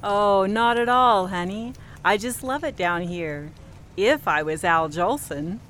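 A woman's voice: mid-range voice, takes it slowly, a bit bright, a little hiss or hum. An actress playing a wisecracking young woman who narrates and trades dry, sarcastic quips in a 1940s radio comedy. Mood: exasperated.

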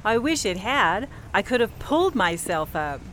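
A woman's voice: medium pitch, big pitch swings, normal speed, fairly bright tone, slight background noise. An actress playing a wisecracking young woman who narrates and trades dry, sarcastic quips in a 1940s radio comedy. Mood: exasperated.

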